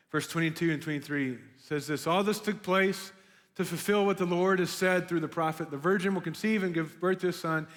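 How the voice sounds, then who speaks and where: A young man giving a casual, chatty sermon to students, full of "like" and "right?", as a youth pastor. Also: high voice. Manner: chatty and animated, lots of "like" and "right?". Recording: long hall reverb.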